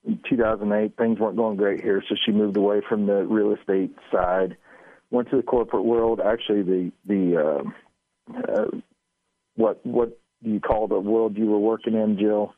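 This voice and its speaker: Animated man telling a story over the phone. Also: on the low side, moderate pace, no room sound. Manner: animated, acts out quoted lines. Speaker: radio show guest. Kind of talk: casual storytelling. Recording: tinny phone line.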